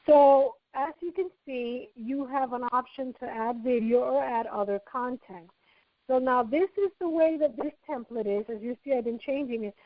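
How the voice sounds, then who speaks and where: A woman with a fairly high voice teaches a screen-share software lesson, chatting her way through every step. The sound is dry and a little dull, with no room around it. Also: normal speed, no echo. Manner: chatty, walks through each step aloud. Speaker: marketing trainer.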